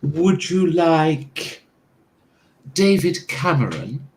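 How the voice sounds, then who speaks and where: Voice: mid-range voice, animated, slight background noise, voice pushed up. A game master voicing a formal, haughty female AI butler in a tabletop game. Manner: stiff formal courtesy, drawn-out words. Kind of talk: tabletop role-play voice.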